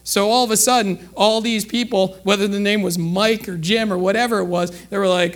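High-voiced man preaching conversationally. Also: steady tone, moderate pace, few pauses. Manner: conversational preaching with rhetorical questions. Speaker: pastor. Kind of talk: sermon.

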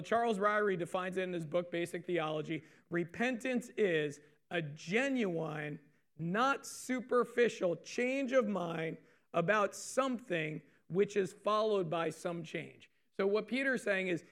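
Male pastor, high gravelly voice, casual repetitive preaching style with questions to the room. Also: expressive, a little slow, fairly bright tone. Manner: conversational, repeats phrases, asks the audience questions. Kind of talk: sermon.

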